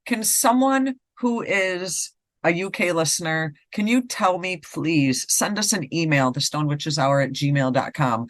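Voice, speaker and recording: A woman's voice: deep voice, unhurried, no room sound. A woman from upstate New York with an upstate New York accent, co-hosting a casual podcast and questioning things in disbelief. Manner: incredulous, questioning. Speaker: podcast co-host.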